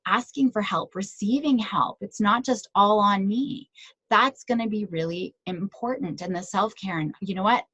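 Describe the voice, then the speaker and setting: A woman's voice: medium pitch, normal speed, a bit bright, breathy edge, dry recording, dull audio. Chatty woman speaker, dry sound. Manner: conversational, tag questions and personal anecdotes. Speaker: child psychologist giving a talk to parents. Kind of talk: presentation to parents.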